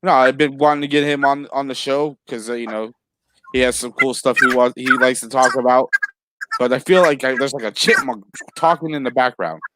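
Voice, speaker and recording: A man at a mid pitch hosts a casual livestream, distracted as he handles guests and chat. He talks in loose, easygoing bursts. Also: steady tone, fairly quick, very noisy. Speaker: livestream host.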